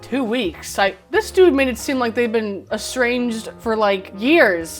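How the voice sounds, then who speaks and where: A woman's voice: high-pitched, a little slow, faint music behind. Laughing young woman recapping a film. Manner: animated, laughing often, swearing, acting out characters. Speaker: commentary host. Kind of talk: comedic movie recap.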